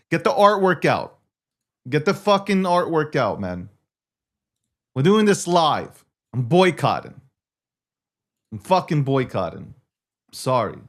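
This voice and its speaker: A man hosting a live crypto stream, talking in a brash, profane, boastful way. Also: mid-range voice. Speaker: show host.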